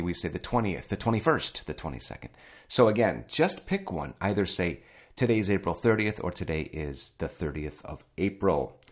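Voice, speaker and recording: A man hosting a spoken English lesson, chatty and addressing listeners directly, repeating words slowly for learners. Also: deep voice. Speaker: English teacher, podcast host.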